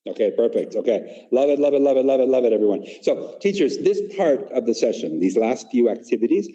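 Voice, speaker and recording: A man running a live online workshop for teachers, energetic and demonstrative, often checking in with "right?". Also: mid-range voice, brisk, big-room sound, lo-fi sound. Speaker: teacher trainer.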